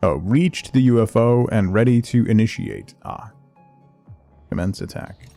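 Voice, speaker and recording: Worn out streamer guy, flat and yawny, gravelly mellow voice, bit of game music behind. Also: a little slow. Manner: flat, low-energy delivery. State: exhausted and yawning. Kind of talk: reading game tutorial text aloud while playing.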